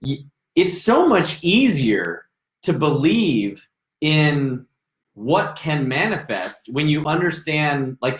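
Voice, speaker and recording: A man hosting a podcast, talking in a reflective, musing way in casual conversation. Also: a little high. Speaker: podcast host. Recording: roomy echo.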